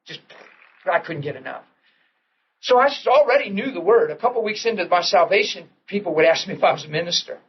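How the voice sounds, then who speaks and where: A middle-aged man delivers a sermon as a story, acting out the voices of the people in it. His voice sits high for a man. The old recording is dull and muffled, with faint hiss underneath. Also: a little fast. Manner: animated storytelling, acting out quotes, laughing. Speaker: preacher.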